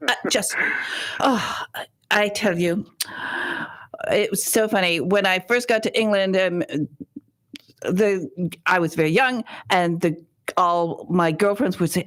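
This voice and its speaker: A woman's voice: fairly low pitch, takes it slowly, pauses often. A woman hosting a radio talk show, chatting in an effusive, giggly way and laughing often. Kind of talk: casual interview chat. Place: radio studio.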